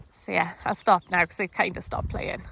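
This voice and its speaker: A woman's voice: on the low side, gravelly, fairly bright tone, slight background noise. A woman who shows dogs, chatting casually into her phone at home, rambling with lots of fillers. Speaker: dog show handler. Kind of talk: casual vlog chat. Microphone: phone held in hand.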